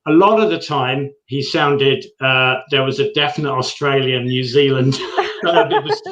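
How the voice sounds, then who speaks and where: A man's voice: mid-range voice, moderate pace, fairly bright tone. A British man from England, co-hosting a casual TV chat and talking hesitantly with many restarts. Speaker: co-host. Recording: roomy, dull lo-fi sound.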